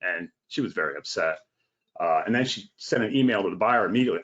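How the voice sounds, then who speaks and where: Male guest, lowish voice, blunt and sarcastic, casual talk, slightly muffled audio. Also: animated, quick pace, a bit bright. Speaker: home inspector guest. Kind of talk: casual podcast conversation.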